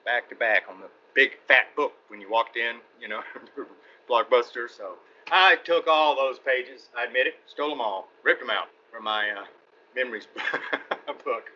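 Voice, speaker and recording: Chatty Texan man, very bright tone. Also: medium pitch, unhurried. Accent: Texan Southern. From East Texas. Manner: chatty, rambling, laughs between anecdotes. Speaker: guest actor. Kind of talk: casual interview storytelling. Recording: muffled podcast audio with faint hiss.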